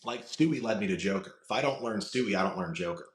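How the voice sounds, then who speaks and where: Guest voice actor, low-pitched man, chatty and rambling, roomy echo. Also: animated, quick pace. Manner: chatty, many fillers and restarts. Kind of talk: casual podcast chat.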